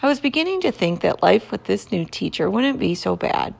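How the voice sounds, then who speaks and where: A woman reading a children's chapter book aloud in a gentle, expressive way. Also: medium pitch, brisk, creaky. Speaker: storybook reader.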